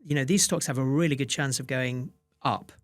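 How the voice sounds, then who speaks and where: A man's voice: medium pitch, steady tone, a little fast, no room sound. A man, a fund manager, answering interview questions with many restarts and fillers. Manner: hesitant restarts, many "you know"s.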